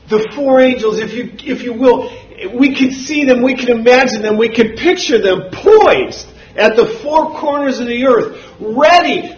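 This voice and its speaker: A man preaching a sermon, swinging from booming shouts to low murmurs. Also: measured pace. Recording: roomy, dull hall recording.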